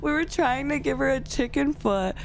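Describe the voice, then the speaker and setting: A woman's voice: sits high, normal speed, slight background noise. A young woman chatting casually to her viewers, telling a story with lots of laughter between lines. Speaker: streamer.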